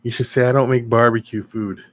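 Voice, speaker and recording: A man's voice: medium pitch, fairly even intonation, fairly quick. A middle-aged man hosting a casual live stream, rambling and chatting with viewers as he reads their comments.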